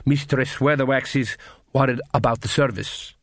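A man voicing a polite, knowing woman cook with a measured way of talking. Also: medium pitch, no room sound, studio quality, natural voice.

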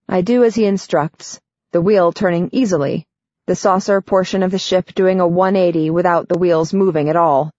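A woman narrating a story in first person for an audiobook, steady and clear. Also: fairly low pitch, normal speed, no echo. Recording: dull, dry studio sound.

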